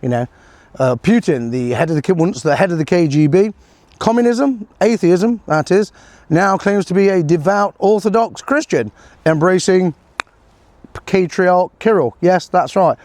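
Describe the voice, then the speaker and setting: A man's voice: sits high, lively intonation, unhurried, darkish tone. A middle-aged man giving a sarcastic, rambling political commentary, full of fillers and chuckles. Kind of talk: casual solo commentary.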